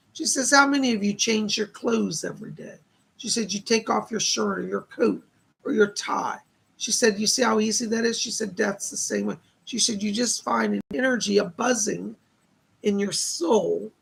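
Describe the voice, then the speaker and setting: Male psychic medium, live-stream host, gravelly husky voice, chatty relayed messages. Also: sits high, a bit bright, poor audio. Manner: relays spirit messages with constant "she said" tags.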